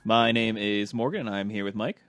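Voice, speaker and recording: A man with a lowish voice hosts a casual podcast, rambling and filling pauses with ums and restarts. The sound is dry and close, with no room around it. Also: a bit bright, no room sound. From Ohio. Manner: rambling, many fillers and restarts. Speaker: podcast host.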